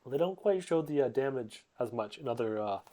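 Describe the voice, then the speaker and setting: A man's voice: medium pitch, animated, fairly quick, mellow. A young man giving a rambling, sleep-aid summary full of fillers and self-corrections. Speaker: host.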